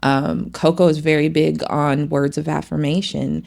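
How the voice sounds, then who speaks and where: Gravelly mother telling family stories. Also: deep voice, normal speed. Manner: animated storytelling, acts out her kids' lines. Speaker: podcast co-host, mother. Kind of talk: casual chat.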